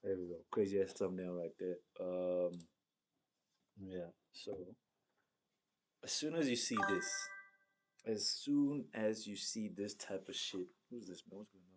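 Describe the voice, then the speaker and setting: A man's voice: sits low, steady tone, a little slow, faint music behind. A young man from South Africa hosting his own show, chatting loosely on his own, swearing freely and reading out lists with asides. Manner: loose, rambling, swears often, reads lists aloud. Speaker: podcast host. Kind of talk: casual solo stream chat.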